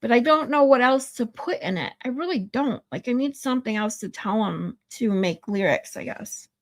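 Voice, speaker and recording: A woman's voice: a little high, expressive, normal speed. A woman streaming live, chatting casually with viewers, laughing often and swearing loosely. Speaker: live streamer reading chat.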